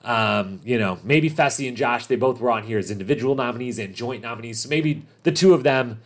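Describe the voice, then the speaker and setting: Man, podcast host, mid-pitched, emphatic casual recap delivery that hammers each point. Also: brisk. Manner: animated, emphatic, repeats points for stress.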